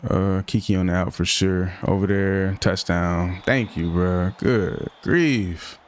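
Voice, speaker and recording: A young man commentating his own football video game run, slangy and quick to get frustrated, talking to himself between plays. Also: low-pitched, steady tone, a little hiss or hum. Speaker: gaming streamer. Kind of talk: live gameplay commentary.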